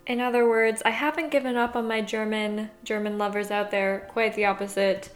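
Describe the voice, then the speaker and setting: Young woman, from the USA, podcast host, scripted, measured, mid pitch, faint music behind. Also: level tone, roomy sound.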